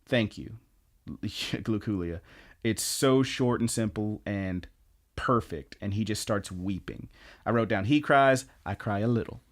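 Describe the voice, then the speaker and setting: A man co-hosting a podcast, casually recapping anime episodes in an animated, storytelling way and swearing now and then. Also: on the low side, a little slow. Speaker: podcast co-host.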